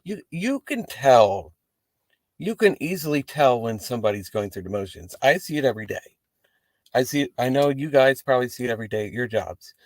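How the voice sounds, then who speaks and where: A man's voice: mid-range voice, a little fast, no echo. Man ranting casually from his car. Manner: rambling, profane, animated asides. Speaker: wrestling show host. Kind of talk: casual talk to camera. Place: inside a parked car.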